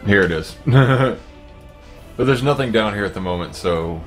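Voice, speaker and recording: A man with a low voice talks strategy with his teammates over voice chat. He laughs often and restarts his words as he goes. Faint music plays behind him. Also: animated, normal speed. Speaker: game player. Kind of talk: casual gaming voice chat.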